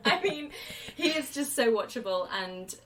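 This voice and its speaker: A woman in her late twenties chatting casually as the host of a film podcast, with lots of fillers and lively asides. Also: fairly high pitch, unhurried, recorded from a distance, a little hiss or hum, rough recording. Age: late 20s. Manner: chatty, animated, many fillers and quoted asides.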